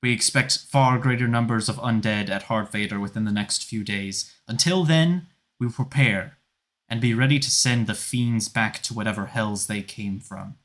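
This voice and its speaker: A man voicing a stern woman military leader who barks loud orders to a crowd. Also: on the low side, moderate pace, close to an everyday voice. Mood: commanding.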